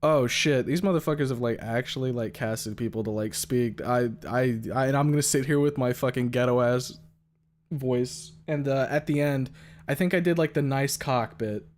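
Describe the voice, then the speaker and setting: A young man hosting a live stream talks casually in a voice of middling pitch. His speech is loose and rambling and full of curses and fillers. He reacts to chat as he goes. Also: moderate pace. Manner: loose and profane, many fillers. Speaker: streamer host.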